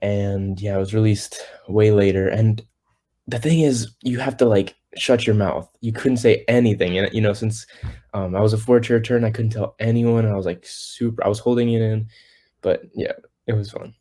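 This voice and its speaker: A man's voice: lowish voice, fairly even intonation, moderate pace, dark tone. A teenage boy, a singer guest on a podcast, telling his story in a rambling way with many fillers and restarts, acting out what others said. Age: teens. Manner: acts out quoted people. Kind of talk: casual interview.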